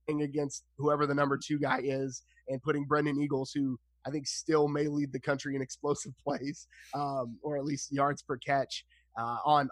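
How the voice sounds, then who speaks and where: A man's voice: mid-range voice, no room sound. Male podcast guest: candid football analyst, filler-heavy, dry close sound. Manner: frank, analytical, many fillers. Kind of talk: casual sports chat.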